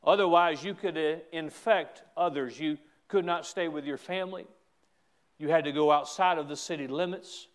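A man preaching a sermon as a pastor, emphatic, with repeated restarts and stretches where he rises to a shout. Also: on the high side, normal speed.

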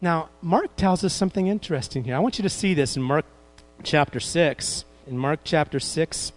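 Pastor, man, higher pitched voice, lively sermon delivery that keeps questioning the room. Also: moderate pace, faint music behind, rough recording. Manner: animated, asks the congregation questions.

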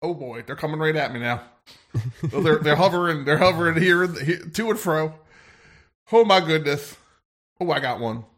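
A man's voice: on the high side, animated, normal speed, long pauses, fairly bright tone. A man playing a weapons officer in an improvised sci-fi role-play, narrating his fights with bravado and laughs.

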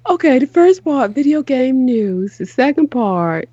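A middle-aged woman hosting a call-in show chats casually and earnestly, restarting and repeating often, in a high-sitting voice with big pitch swings. She is unhurried, her tone is dark, and the dull audio has no echo.

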